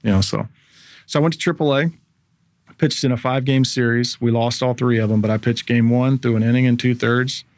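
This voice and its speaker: A man around forty, a former baseball pitcher, telling a story as a podcast guest and acting out the voices of people in it. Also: fairly quick, no room sound. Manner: animated storyteller, acts out quoted voices. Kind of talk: casual storytelling interview.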